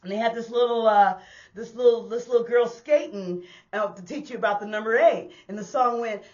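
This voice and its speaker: A fairly high-voiced woman spins a street story from her bus-driving days, lively and chatty, calling out to her listeners and mimicking the noises she remembers. The sound is a little dull and lo-fi, as though recorded on simple gear. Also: a little fast. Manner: animated, addresses listeners as y'all, acts out sounds. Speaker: storyteller and former bus driver. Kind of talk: casual personal storytelling to an audience. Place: indoors on a hot day.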